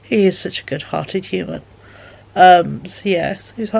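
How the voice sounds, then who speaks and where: A woman's voice: fairly low pitch, a little slow, gravelly, a little mellow, slight background noise. A woman chatting casually in a vlog, rambling with many fillers and sounding tired and yawning. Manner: rambling, lots of fillers and repeated "he said". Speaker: vlogger.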